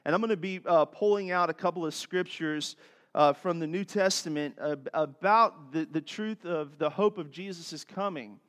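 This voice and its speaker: Animated high-voiced male pastor. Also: normal speed. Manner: animated storytelling, swings from soft to loud. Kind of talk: sermon.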